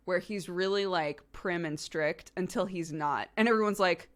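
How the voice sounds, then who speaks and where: A young woman streamer in casual chat, relaxed and giggly, rambling with lots of fillers. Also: lowish voice, normal speed.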